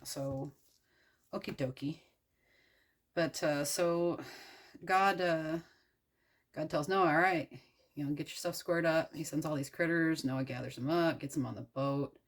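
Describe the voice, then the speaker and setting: A young adult woman from the United States retells an old story while working with her hands, irreverent and profane. Her voice sits low and has a husky edge. She rambles with lots of fillers and asides. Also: fairly even intonation, measured pace, long pauses. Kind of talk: casual storytelling while crafting.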